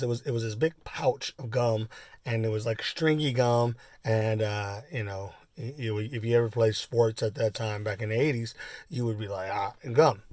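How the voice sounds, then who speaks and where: A man in his forties telling a personal story in a casual, rambling way, full of fillers and asides, and getting animated as he acts it out. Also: medium pitch, no room sound, studio quality. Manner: animated when acting out the story. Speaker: vlogger.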